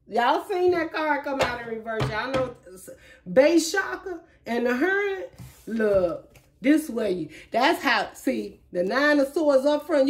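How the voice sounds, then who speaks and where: A woman giving a casual tarot reading, chatty and emphatic, talking straight to her viewers. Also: on the high side. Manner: emphatic, chatty, emotional, addresses viewers directly. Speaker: tarot reader.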